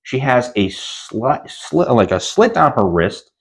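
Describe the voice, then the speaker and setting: A man's voice: medium pitch, sing-song, slow pace. A man co-hosting a casual podcast, animatedly retelling a film's plot and often slipping into quoted voices. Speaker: podcast co-host. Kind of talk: casual movie review chat.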